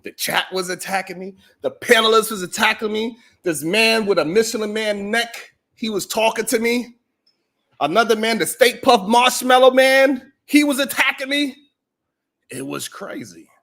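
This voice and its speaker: Male livestream host with a high-pitched voice, joking and boastful, laughing often, casual monologue to his chat. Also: lively intonation, moderate pace, a bit bright.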